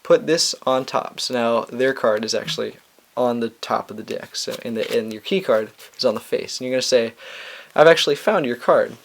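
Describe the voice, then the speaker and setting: A young man hosting a magic tutorial, explaining a card trick step by step in a relaxed, chatty way. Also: medium pitch, brisk, creaky, a little hiss or hum. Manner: relaxed and chatty, with fillers and restarts. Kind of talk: casual instructional explanation.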